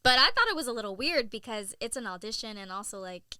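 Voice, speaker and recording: A young woman in her twenties, a model and content creator, telling stories in an animated, casual way with lots of "like"s. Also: a little high, clean tone, no room sound, clean studio sound. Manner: animated storyteller, many "like"s and quick laughs. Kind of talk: casual interview chat.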